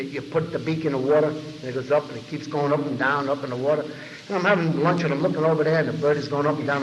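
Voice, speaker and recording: A New York man speaks at a recovery meeting in a large convention hall, telling his story to a big crowd at a fast clip and acting out other people's lines. His voice runs a little high for a man. The muffled 1990 tape carries a long hall reverb and a faint hiss or hum.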